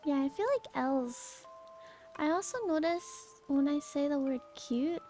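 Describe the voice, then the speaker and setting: A young woman on a stream chatting in a loose, rambling way, breaking into giggles as she answers her chat. Her voice sits high but has a soft, mellow tone. Quiet music plays faintly underneath. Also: unhurried.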